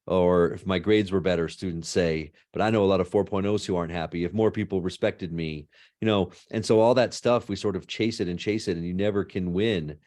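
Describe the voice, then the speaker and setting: A middle-aged man, a law and ethics professor, answering interview questions in an animated storytelling way, often tagging "right?". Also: low-pitched, fairly quick.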